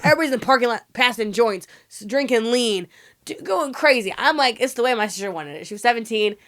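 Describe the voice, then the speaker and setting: A woman guest on a podcast, telling her story candidly in an emotional, rapid way, full of "like" fillers and swearing. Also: fairly high pitch, lively intonation, a bit bright.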